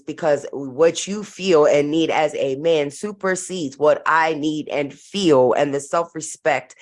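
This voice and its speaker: A woman's voice: low-pitched, takes it slowly, few pauses. A young adult woman hosting her own vlog, giving chatty, direct gossip commentary with plenty of slang. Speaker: vlog host.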